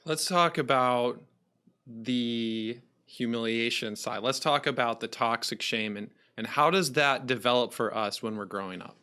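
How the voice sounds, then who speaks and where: A man hosting a podcast interview and asking measured questions. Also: mid-range voice, bright, forceful tone. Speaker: podcast host.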